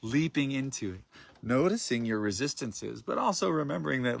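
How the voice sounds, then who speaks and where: A man guiding a group through prayer and vocal practice, speaking in a soft, loving, grounded tone and drawing his phrases out invitingly. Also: medium pitch, lively intonation, moderate pace, creaky. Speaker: spiritual workshop facilitator.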